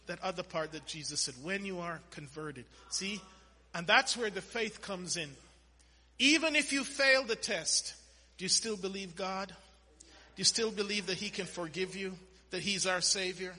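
High, bright-toned preacher man in a big hall. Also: a little slow. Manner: animated preaching with sudden loud bursts and quoted scripture. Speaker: pastor. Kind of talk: sermon. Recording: long hall reverb.

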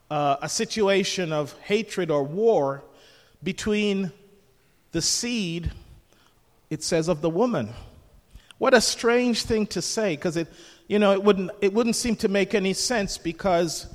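A man's voice: sits high, measured pace, long reverb tail. An older man preaching a sermon as pastor, jovial and conversational, asking the congregation questions.

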